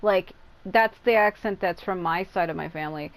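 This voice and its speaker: A woman streamer with a lowish voice rambles chattily at a moderate pace while playing a game, reacting aloud and sounding tired and worn out. The audio is poor.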